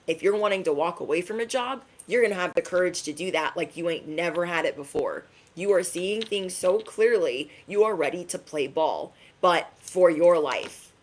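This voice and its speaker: A woman giving an energetic tarot reading to her viewers, emphatic and sassy, often tagging her lines with "okay?". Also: lowish voice. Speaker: tarot reader.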